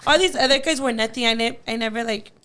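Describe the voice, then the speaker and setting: High-voiced chatty young woman telling a story. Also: quick pace, fairly bright tone. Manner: chatty, many likes, acts out quotes. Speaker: guest. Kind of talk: casual storytelling.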